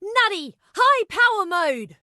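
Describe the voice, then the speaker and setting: A perky young game character delivers short lines in a high, bright, chirpy voice. Every syllable shifts in tone and emphasis, and each word is carefully enunciated. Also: female voice, sing-song, slow, heavily acted. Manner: varied, carefully enunciated intonation. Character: perky young woman with an attempted Australian accent.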